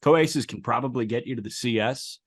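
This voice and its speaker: A man co-hosting a baseball podcast, recapping games with enthusiasm and quick stat-heavy talk. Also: medium pitch. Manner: enthusiastic, recaps game stats in a brisk flow. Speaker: podcast co-host. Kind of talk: casual sports podcast chat.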